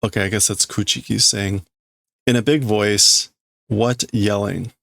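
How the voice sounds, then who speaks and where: A streamer learning Japanese reads a comic and works out the translation aloud, hesitant and full of fillers, in a casual way. His voice is fairly low and fairly even, a little slow, slightly bright, with vocal fry.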